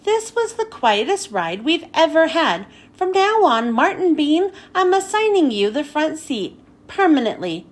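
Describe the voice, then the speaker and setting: A woman's voice: high voice, sing-song, unhurried. A woman voicing a stern school bus driver who gives firm orders. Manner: firm, commanding.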